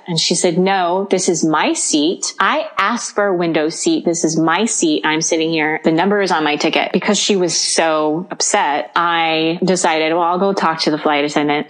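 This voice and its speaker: A woman co-hosting a podcast, telling a story in casual chat, acting out the people in it and laughing often. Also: fairly low pitch. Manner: animated storyteller, acts out quoted dialogue, laughs often. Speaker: podcast co-host.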